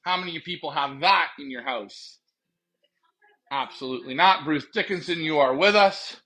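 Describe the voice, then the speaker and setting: On a casual pigeon racing live stream, the male host jokes and rambles to viewers while walking out to his backyard loft at night. He speaks at a normal speed with a voice on the high side and a sharp tone.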